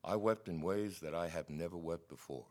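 A middle-aged man preaching a sermon, telling stories in a wry, skeptical, animated way. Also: low voice, normal speed.

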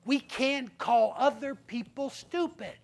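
Male preacher, unhurried sermon delivery, animated storyteller turning to quiet earnest teaching. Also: extremely high pitch. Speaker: pastor. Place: church sanctuary.

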